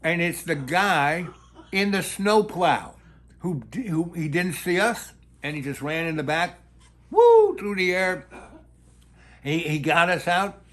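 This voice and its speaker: Man, fairly high pitch, rambling anecdote, halting delivery, lots of restarts. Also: a bit bright. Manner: halting, full of fillers and restarts, acts out quoted voices. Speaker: storyteller.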